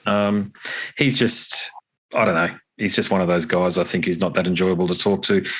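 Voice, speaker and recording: A man's voice: low voice, steady tone, moderate pace, fairly bright tone, slightly rough. A man, a guitarist and podcaster chatting as a guest, telling anecdotes and laughing easily. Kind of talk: casual interview chat.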